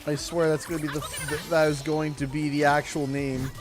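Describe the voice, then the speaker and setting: Rambling man hosting a gaming livestream. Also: on the high side. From Canada. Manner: rambling, halting, many fillers and restarts; gets loud and excited over donations. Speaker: livestream host.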